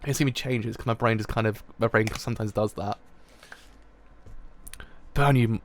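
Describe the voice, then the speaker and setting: A man with a British accent giving live reaction commentary in excitable, rambling asides. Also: fairly low pitch, fast, slight background noise. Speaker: streamer.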